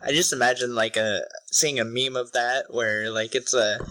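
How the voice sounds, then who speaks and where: A man's voice: medium pitch, steady tone, normal speed, sharp tone, no room sound, low-quality recording. A young man co-hosting a podcast in casual chat, joking and loose, often trailing off with fillers. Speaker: podcast co-host.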